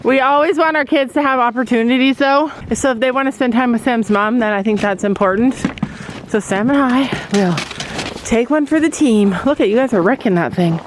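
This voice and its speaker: A farm vlogger in her thirties chats casually and giggles to viewers while doing chores in a snowy outdoor pen, filmed on a handheld camera. Her voice is a little high and a little fast, with background noise.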